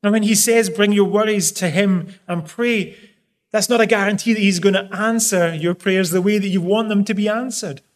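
A man's voice: high voice, steady tone, moderate pace. A man preaching a sermon in an earnest, pleading way, pressing hard on key phrases.

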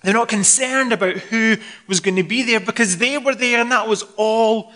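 A Scottish preacher with a fairly high voice delivering a sermon. He talks to the congregation conversationally and acts out scenes with lively expression. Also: normal speed. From Scotland.

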